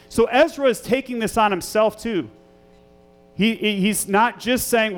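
High-voiced earnest male pastor preaching. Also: moderate pace, soft background music. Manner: earnest, emphatic, repeats key phrases, asks rhetorical questions. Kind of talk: sermon with scripture reading. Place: church sanctuary.

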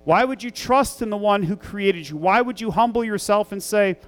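Pastor, man, a parent, high clear tenor; earnest emphatic sermon, leans on repetition. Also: moderate pace, hardly any pauses. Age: young adult to middle-aged, a parent. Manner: earnest, emphatic, repeats key phrases.

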